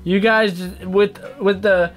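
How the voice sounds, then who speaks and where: A young man chats loosely through fan questions, rambling and poking fun at himself. His voice sits a little high for a man. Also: fairly even intonation, slow pace, faint music behind. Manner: rambling, playful, self-mocking. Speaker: YouTube gamer answering fan questions. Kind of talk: casual Q&A chat.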